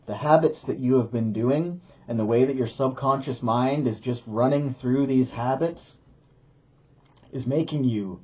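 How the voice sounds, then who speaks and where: A man's voice: mid-range voice, warm tone, breathy edge, dull audio. A man who teaches yoga and makes videos talks casually to the camera in a loose, rambling way, often restarting his sentences.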